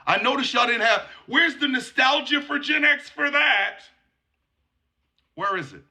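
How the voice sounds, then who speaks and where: A man's voice: very high voice, measured pace, sharp tone. Blunt, profane man in his fifties. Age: 40s to 50s. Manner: blunt, profane, sarcastic ranting. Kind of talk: commentary monologue.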